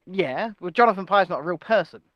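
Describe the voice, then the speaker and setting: A man's voice: sits high, lively intonation, brisk, dull audio. A man co-hosting a comedic news chat, sarcastic and teasing. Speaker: co-host.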